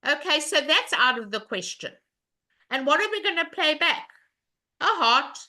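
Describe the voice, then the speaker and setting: A woman's voice: high-pitched, sing-song, moderate pace, bright, forceful tone. A woman teaching a live online bridge lesson, walking through a hand in a chatty way and asking the class questions as she goes.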